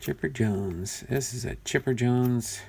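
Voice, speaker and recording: A card collector vlogger casually goes through a box of cards, thinking aloud and muttering as he sorts them. His medium-pitched voice is warm and unhurried, with some vocal fry. There's slight background noise.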